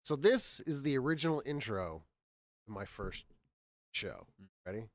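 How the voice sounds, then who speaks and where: A man's voice: mid-range voice, big pitch swings, measured pace, no echo. A man hosting a casual live show. He rambles, laughs and repeats himself. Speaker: podcast host. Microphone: studio mic.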